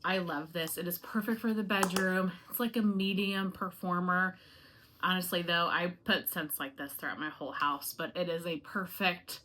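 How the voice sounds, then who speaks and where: A woman's voice: lowish voice, bright, forceful tone. A woman chatting casually and directly to her viewers in a home review vlog, friendly and rambling. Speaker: home fragrance YouTuber.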